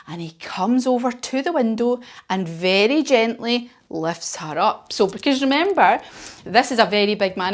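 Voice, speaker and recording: A woman leading a children's yoga class while telling a story, playful and encouraging. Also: mid-range voice. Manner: encouraging, playful, sing-song. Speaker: kids yoga teacher.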